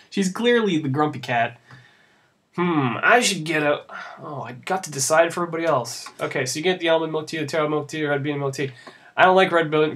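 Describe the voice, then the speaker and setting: A man's voice: a little high, fairly bright tone. A young man commenting sarcastically over a visual novel he plays, rambling and laughing at it. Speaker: let's play host. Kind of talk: casual gameplay commentary.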